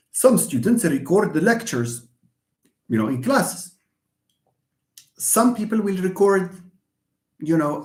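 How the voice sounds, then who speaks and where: A man teaching English pronunciation in a live online lecture, slowly repeating words and drilling syllables aloud. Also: on the high side, reverberant.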